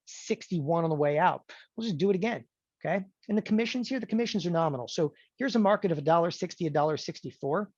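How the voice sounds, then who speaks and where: A middle-aged man teaching option trading in a live webinar, energetic and emphatic, with mock-panicked asides. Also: on the high side, no echo, lo-fi sound. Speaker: trading educator. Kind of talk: live webinar screen-share demo.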